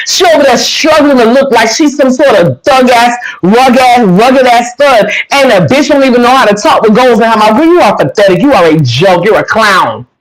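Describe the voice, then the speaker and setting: A woman's voice: on the high side, poor audio. A woman ranting on a live stream, cursing, combative and repeating her insults. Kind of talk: heated rant.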